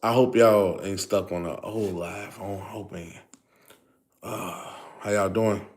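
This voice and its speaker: A man's voice: fairly low pitch, fairly even intonation, measured pace, darkish tone, a little hiss or hum. A man hosting a casual livestream, greeting viewers over and over and explaining things in a loose, filler-heavy way. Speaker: livestream host.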